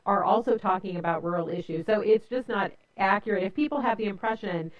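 A woman journalist speaking as an interview guest, measured and factual, plainly correcting a point. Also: medium pitch, lo-fi sound. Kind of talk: interview answers.

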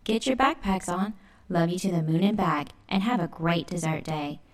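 A woman's voice: fairly low pitch, animated, moderate pace, close to an everyday voice. A woman reading the lines of a patient, caring cat mother in a storybook.

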